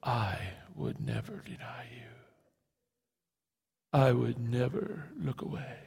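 A man's voice: mid-range voice, very animated, slow pace, gravelly, darkish tone, husky, in a large hall, full character voice. A man voicing a boastful male disciple who swears he will never fall away, with swagger and indignation. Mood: hushed.

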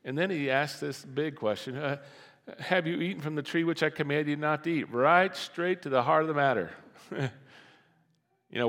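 A man preaching a sermon in a relaxed, conversational way, often repeating words and asking the congregation rhetorical questions. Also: on the high side, normal speed, in a large hall. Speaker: pastor.

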